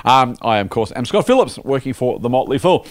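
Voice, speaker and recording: Podcast host, man, chatty and jokey, animated delivery, dry studio sound. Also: medium pitch, a little fast, no room sound. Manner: jokey, conversational, lots of fillers. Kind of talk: casual podcast chat reading listener mail.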